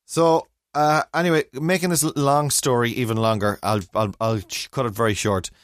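A man's voice: mid-range voice, steady tone, moderate pace, no room sound. A middle-aged Irish man with a rambling, self-mocking manner, telling a long story in casual chat as podcast co-host, on a remote call mic. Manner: rambling, self-mocking, acts out other voices.

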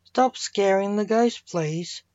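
A woman's voice: medium pitch, slow, darkish tone, no room sound, lightly acted. A woman voicing Senior, a stern grandfather Reaper who talks curtly. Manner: curt, snapping. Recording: dull lo-fi dry recording.

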